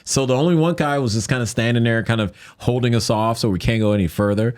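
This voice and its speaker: A man telling a story as a podcast guest in casual chat, lively and jokey, often acting out what people said. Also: fast talker, clear, resonant tone, no echo. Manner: animated, acts out quoted lines in a higher voice; jokey, conversational with many fillers.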